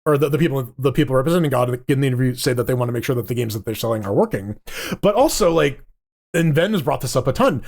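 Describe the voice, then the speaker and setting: A man's voice: medium pitch, expressive, quick pace, a little mellow. A man co-hosting a casual gaming podcast, rambling along with frequent restarts and casual swearing. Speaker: podcast co-host. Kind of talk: casual gaming news chat.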